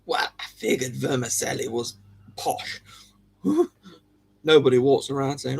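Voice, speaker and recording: Giggly husky man chatting. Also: medium pitch, unhurried, long pauses, darkish tone. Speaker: livestream host. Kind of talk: casual chat with viewers.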